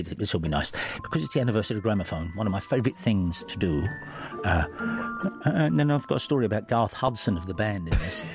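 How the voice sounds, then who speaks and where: A man hosting a chatty show, rambling and playful, with many restarts, reading out listener letters. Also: on the low side. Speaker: podcast host.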